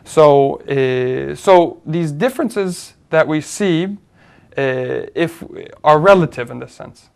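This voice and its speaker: Man explaining ideas in a higher voice. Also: slow, vocal fry, darkish tone, clear, resonant tone. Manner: thoughtful, explaining step by step with many fillers and restarts. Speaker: co-host. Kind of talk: conversational discussion.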